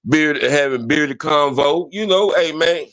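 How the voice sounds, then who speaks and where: A man's voice: fairly high pitch, unhurried, a bit bright, no room sound. A man hosting a casual podcast, talking in a loose, slangy, rambling way with many fillers. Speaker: podcast host.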